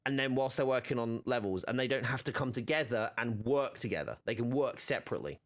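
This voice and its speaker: A man's voice: medium pitch, fast. A man streaming a video game, chatting casually with many fillers and restarts. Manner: rambling, filler-heavy, self-correcting.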